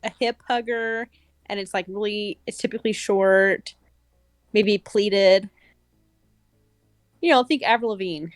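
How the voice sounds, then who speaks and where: A woman co-host chats casually and jumps in with quick corrections and comments. Her voice sounds dry and close. Faint music plays underneath. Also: mid-range voice, no echo. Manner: chatty, chimes in with corrections. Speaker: podcast co-host. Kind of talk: casual chat.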